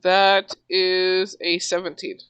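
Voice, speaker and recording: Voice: mid-range voice, little pitch movement, slow pace, fairly bright tone, smooth, no echo. A game master narrating a tabletop horror game, rambling with lots of filler words and restarts.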